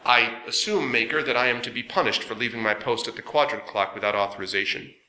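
A man's voice: mid-range voice, quick pace, pushed and bright, reverberant, a little hiss or hum, low-quality recording. A man voicing an earnest robot caretaker. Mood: respectful. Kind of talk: audiobook character voice.

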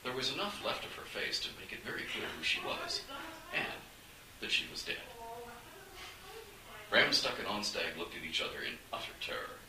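A man narrating a fantasy adventure audiobook in an animated, dramatic storytelling manner. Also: fairly low pitch, normal speed, pauses often, crowd noise. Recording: echoey room, distant mic, faint hiss.

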